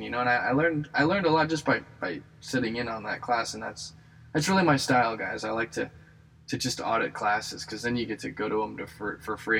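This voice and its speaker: A young man with a lowish, gravelly voice rambles through a casual monologue. He jokes at his own expense and trips over fillers and restarts. Faint ambience hums in the background. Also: a bit bright, slight background noise, poor audio. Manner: self-deprecating, jokey, lots of fillers and restarts. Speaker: aspiring comedian and actor.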